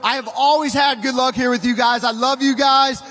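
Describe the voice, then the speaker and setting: A man with a very high voice speaks to a stadium crowd after his run. He calls out to them with enthusiasm. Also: steady tone, normal speed, fairly bright tone. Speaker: monster truck driver. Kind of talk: winner's interview to the crowd.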